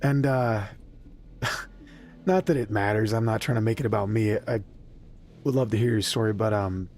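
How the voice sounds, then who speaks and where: A man's voice: lowish voice, moderate pace, darkish tone. A man streaming a game, chatting loosely with viewers, joking about himself, swearing freely and speaking openly about his feelings. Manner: loose, rambling and self-deprecating, with frequent swearing; candid and openly emotional. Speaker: gaming streamer. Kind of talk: casual live-stream chat while playing.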